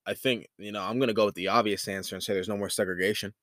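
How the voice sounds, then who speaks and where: A man's voice: fairly low pitch, steady tone, racing, fairly bright tone, no echo, studio quality. A man co-hosting a podcast in casual chat, laid-back, laughing easily and filling with "you know". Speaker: podcast co-host.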